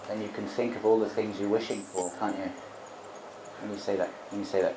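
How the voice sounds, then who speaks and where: A man's voice: fairly low pitch, level tone, fairly quick, dark tone. A man giving a Buddhist Dhamma talk as a monk teacher, reflective, explaining terms and adding rhetorical tag questions. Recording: roomy echo, faint background noise.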